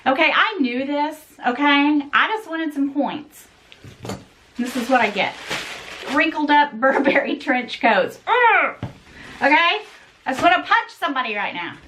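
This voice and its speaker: A middle-aged woman chatting to camera during an unboxing, animated and exasperated, talking straight to her viewers. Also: high voice, normal speed, slight background noise. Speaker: fashion vlogger. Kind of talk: casual unboxing chat to camera.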